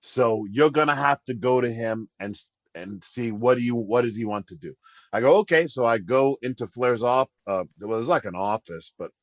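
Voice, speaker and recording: A man guest on a podcast, telling a story in a casual, animated way, acting out quotes and laughing as he goes. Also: mid-range voice, moderate pace, no echo.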